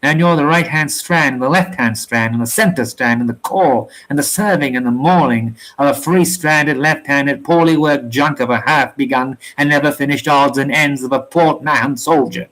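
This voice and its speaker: A man's voice: medium pitch, moderate pace, hardly any pauses, a bit bright, natural voice, poor audio. A man voicing a boastful quarrelsome sailor. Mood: boastful insults. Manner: rough sailor's slang, colorful insults. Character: quarrelsome boastful male sailor, insult-slinging. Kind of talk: storybook reading.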